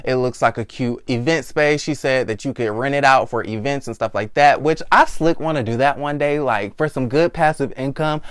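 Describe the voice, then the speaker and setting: Sassy young man, smooth dry voice. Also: medium pitch, moderate pace, few pauses, no room sound. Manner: sassy, blunt and profane. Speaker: vlog host. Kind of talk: casual reality TV recap.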